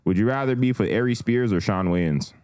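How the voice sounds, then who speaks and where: A man hosting a casual podcast, putting quickfire would-you-rather questions to his guests. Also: lowish voice, darkish tone, dry recording, studio quality. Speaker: podcast host.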